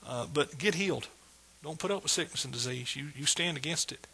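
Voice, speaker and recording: Exuberant preaching man, bright husky voice. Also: fairly high pitch, a little fast. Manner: exuberant preaching, repeats phrases, shouts of praise. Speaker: pastor. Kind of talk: sermon.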